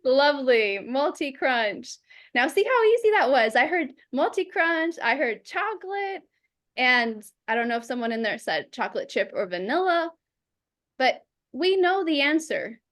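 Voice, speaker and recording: A woman teaching public speaking over a video call, lively and acting out examples in quoted voices. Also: high-pitched, unhurried. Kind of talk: instructional talk.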